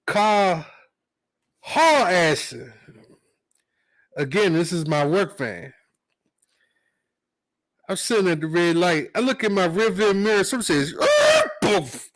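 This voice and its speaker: A man's voice: fairly high pitch, no echo, poor audio. Laid-back man on a dry mic. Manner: laid-back storytelling, quoting himself under his breath. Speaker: podcast co-host. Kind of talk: casual podcast chat.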